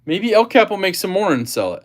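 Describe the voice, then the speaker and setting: A man's voice: sits high, sing-song, brisk. A man hosting a casual livestream, chatting about gear and reading viewer comments aloud. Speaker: livestream host.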